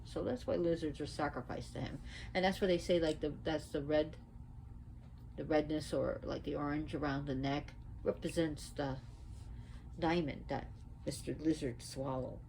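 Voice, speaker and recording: A woman with a lower-pitched voice explains religious tradition in a loose, chatty way. She retells an old story with lively swings in her voice. A faint hiss sits under her speech. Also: normal speed, creaky, rough recording. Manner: conversational, animated retelling. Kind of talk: casual storytelling lesson.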